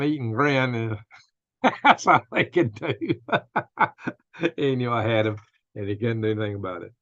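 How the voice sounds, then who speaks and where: Older guy w a gravelly voice rambling thru stories on his stream, dry dull audio. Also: mid-range voice, a bit bright, dry recording. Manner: rambling storyteller who laughs at his own jokes. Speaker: host of a news and commentary stream. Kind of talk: casual live-stream chat.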